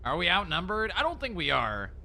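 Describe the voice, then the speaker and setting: A man's voice: high-pitched, huge pitch swings, brisk, gravelly, sharp tone. A man streaming in-character role-play chat, joking and swearing casually. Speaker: streamer playing an agent.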